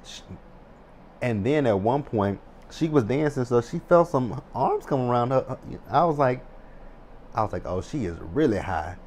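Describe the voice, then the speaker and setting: A man in his thirties casually recapping a TV episode, animated and excitable, swearing freely. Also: medium pitch, a little slow, a little hiss or hum. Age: 30s. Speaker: TV recap vlogger.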